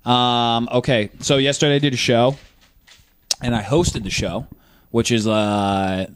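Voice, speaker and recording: A young man, a stand-up comedian co-hosting a podcast, chatting in a laid-back way with quick jokes. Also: medium pitch, fairly even intonation, clear, resonant tone. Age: young adult. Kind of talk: casual chat.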